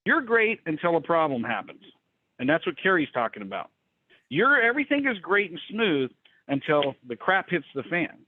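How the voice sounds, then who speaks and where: A man's voice: normal speed, slight background noise. A man coaching small business owners on a call, telling a story bluntly and acting out quotes. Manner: blunt, animated, acts out quotes in a higher voice. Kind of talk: casual storytelling talk. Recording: tinny phone-like call line.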